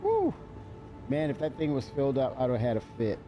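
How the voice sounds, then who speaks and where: A man's voice: mid-range voice, fast talker, dull audio, faint music behind. A man streaming a video game live, chatting loosely, cursing and laughing at what happens on screen. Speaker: livestreamer. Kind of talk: live gameplay stream commentary.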